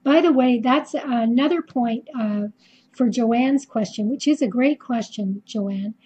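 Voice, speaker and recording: A woman's voice: fairly high pitch, measured pace, mellow, husky, poor audio. A middle-aged woman with a Canadian accent, hosting a live quilting tutorial in a chatty way with lots of ums and restarts. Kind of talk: casual live-stream tutorial.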